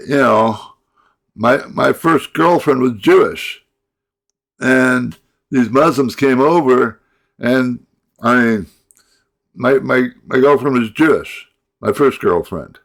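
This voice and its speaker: Middle-aged guy ranting to himself, super slow, keeps stumbling over his words and sighing. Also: medium pitch, creaky, a bit bright. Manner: halting, repeats words, angry outbursts, sighs. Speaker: vlogger. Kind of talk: rambling monologue rant.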